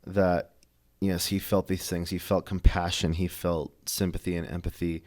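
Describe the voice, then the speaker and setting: A young man co-hosting a church podcast, talking in a casual, halting way full of fillers and restarts. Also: deep voice, level tone, a little mellow. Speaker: podcast co-host. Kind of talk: casual faith discussion.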